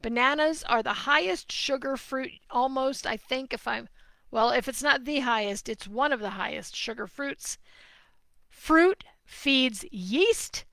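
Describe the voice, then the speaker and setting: A middle-aged woman from New Jersey, answering viewer questions on a live stream in an animated, opinionated, emphatic way. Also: high-pitched, normal speed, gravelly, no room sound. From New Jersey, USA.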